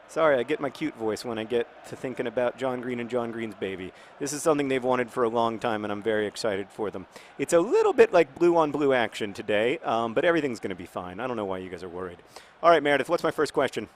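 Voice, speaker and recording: A man in his thirties hosting a game video in casual commentary, rambling and jokey, with sudden shouted outbursts. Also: mid-range voice, expressive, fairly quick, a little hiss or hum. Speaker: game host.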